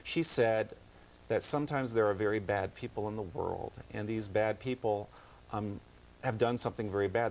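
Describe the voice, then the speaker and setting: A man's voice: on the low side, gravelly, a little mellow, a little hiss or hum, poor audio. A man guesting on a TV news interview as an author, speaking earnestly with frequent stammered restarts. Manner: earnest, halting, many restarts.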